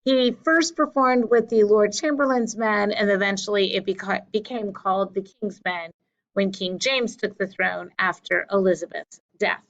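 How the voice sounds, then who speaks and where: A woman teacher giving a slow, deliberate lesson over slides, correcting herself now and then. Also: medium pitch, steady tone, a bit bright, muffled recording. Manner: slow, deliberate explaining with small self-corrections.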